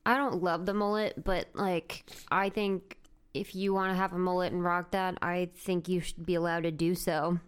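Casting: female co-host, smooth clear voice, opinionated and frank in casual talk. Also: on the low side, flat delivery, normal speed. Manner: blunt, opinionated storytelling. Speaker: podcast co-host. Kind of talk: casual chat.

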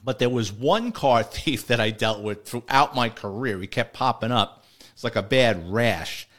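A middle-aged man, a retired police officer telling old stories in a casual, rambling way that doubles back on itself and chuckles along. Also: mid-range voice. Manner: rambling, restarts sentences, chuckles while telling. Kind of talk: casual storytelling.

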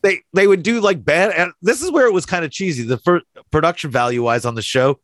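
Excited cohost guy, high voice bouncing all over, dry close mic. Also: brisk, no room sound. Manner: excitable and enthusiastic, lots of fillers. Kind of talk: casual chat.

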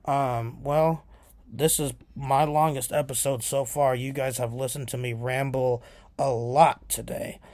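A man's voice: mid-range voice, fairly even intonation, a little slow, a little mellow, dry recording. A man hosting his own podcast, rambling casually with many fillers. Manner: rambling, lots of filler ums. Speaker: podcast host.

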